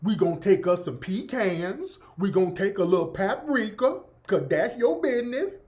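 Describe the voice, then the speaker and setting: A man's voice: sits high, animated, moderate pace, a little mellow. A man putting on a drawling Southern cooking lady. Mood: sing-song coaxing. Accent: mock Southern US. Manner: sing-song, coaxing, calls everyone baby. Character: exaggerated drawling Southern woman cooking-show host.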